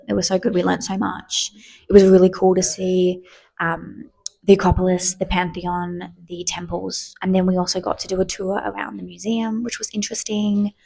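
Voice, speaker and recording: Husky young woman telling stories. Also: mid-range voice, darkish tone. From Australia. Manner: chatty, filler-heavy, acts out quoted exchanges. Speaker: podcast host. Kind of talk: casual storytelling.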